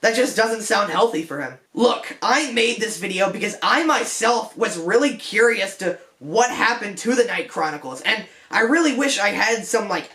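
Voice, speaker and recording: A man's voice: sits high, lively intonation, normal speed, hardly any pauses, pushed and bright. A young man hosting a comedic film commentary vlog in a detective persona, rambling and self-mocking, with joking asides and frequent restarts. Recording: echoey room.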